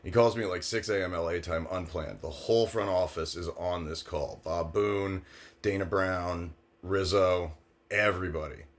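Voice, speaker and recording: A man with a very deep, low voice tells a story in a casual monologue. He is brash and sarcastic and gets animated when he quotes other people. He sounds like a man in his thirties. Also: moderate pace. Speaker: former sports agent storyteller.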